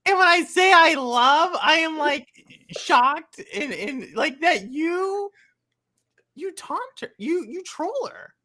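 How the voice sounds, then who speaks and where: A woman's voice: sits high, expressive, slow, sharp tone. A woman hosting a casual podcast chat, teasing her guest and laughing along.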